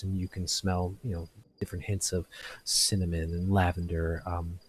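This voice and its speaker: Man, game master, very low voice, halting narration, faint background noise. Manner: halting, full of fillers and restarts.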